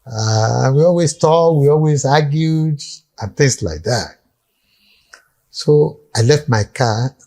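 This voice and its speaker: A man's voice: medium pitch, expressive, takes it slowly, a little mellow. An older man with a Nigerian accent, a guest recounting past events in vivid storytelling and acting out the dialogue. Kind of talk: storytelling reminiscence.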